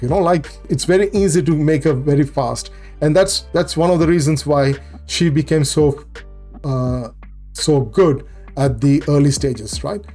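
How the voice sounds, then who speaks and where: A man's voice: on the high side, dark tone. A man hosting a gaming channel, explaining a game guide casually and often repeating and correcting himself with fillers.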